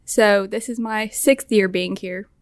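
A woman's voice: mid-range voice, fairly even intonation, a little slow, no echo, studio quality. A young adult woman who is a student guest on a podcast, chatting in a friendly way and laughing easily. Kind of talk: podcast interview answers.

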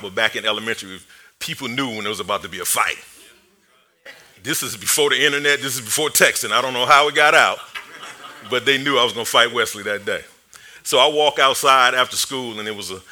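A man preaching a sermon through a personal story, joking and self-deprecating, laughing often and acting the story out with energy. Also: mid-range voice. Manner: animated storyteller.

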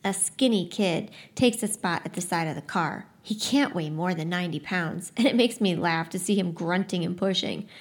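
A woman's voice: lowish voice, normal speed, few pauses. Chatty woman giving a book talk. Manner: chatty, relaxed, frequent "like" quotes; expressive first-person reading. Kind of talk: casual book talk and read-aloud excerpt.

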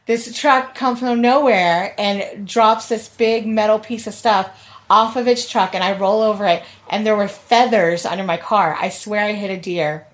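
A woman's voice: mid-range voice, normal speed. A young woman, a podcast guest, chatting casually and laughing often as she tells stories. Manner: laughing storyteller. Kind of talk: casual chat.

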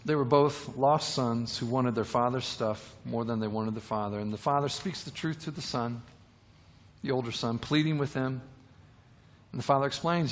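A man's voice: mid-range voice, normal speed, big-room sound. A man preaching a sermon, retelling a parable with repeated words and rhetorical questions.

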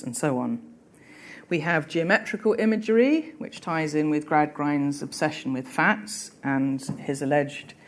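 Low-voiced woman teaching literature. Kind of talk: reading aloud and literary analysis lesson.

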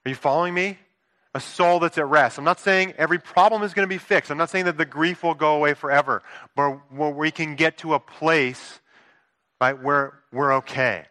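Earnest bright-voiced male pastor preaching. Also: on the high side, normal speed. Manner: earnest, conversational preaching with rhetorical asides. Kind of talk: sermon.

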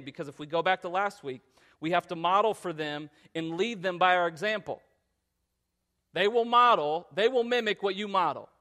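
A man in his thirties preaching a sermon in an earnest, conversational way that climbs to loud emphatic passages. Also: fairly high pitch. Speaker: pastor.

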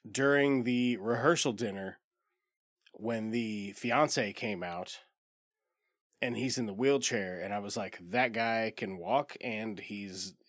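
A man's voice: fairly low pitch, fairly bright tone, no echo. Wry man hosting a dry-sounding podcast. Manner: wry, self-mocking jokes. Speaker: podcast host. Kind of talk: casual movie discussion.

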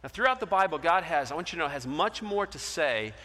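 A middle-aged male pastor preaching a sermon, telling a story and acting out the voices in it, swinging between loud and soft. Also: on the high side, expressive, quick pace. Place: large church hall. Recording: long hall reverb.

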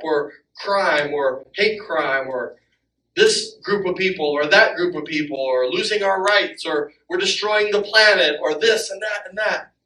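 High, bright-voiced pastor in echoey hall. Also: male voice, distant mic. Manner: animated, acts out quotes with rising pitch. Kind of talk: sermon. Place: church sanctuary.

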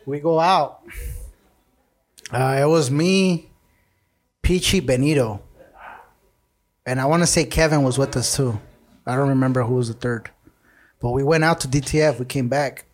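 A man's voice: medium pitch, normal speed, pauses often. A young man hosting a podcast, telling crude party stories full of profanity and slang, laughing often. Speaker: podcast host. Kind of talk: casual storytelling chat.

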